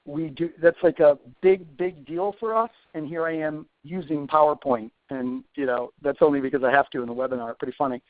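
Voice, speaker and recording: A man's voice: a little high, steady tone, fairly quick, hardly any pauses, no room sound. A man in his forties, an instructor answering questions in a live webinar, chatty with self-deprecating asides. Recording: tinny phone-like dry sound.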